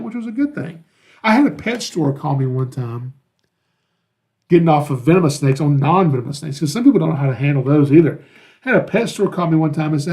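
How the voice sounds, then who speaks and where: A man talks through a podcast episode, his voice sitting a little higher than most men's. He tells stories in a relaxed, folksy way and slips into the voices of the people he quotes. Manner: folksy, acts out quoted dialogue. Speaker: podcast host, snake handler. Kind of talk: casual storytelling monologue.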